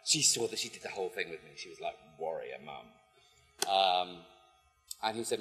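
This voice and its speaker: A man telling a story to a live audience in an animated way, acting out the voices of the people in it. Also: low voice, moderate pace, husky. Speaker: poet and speaker. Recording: long hall reverb, faint music.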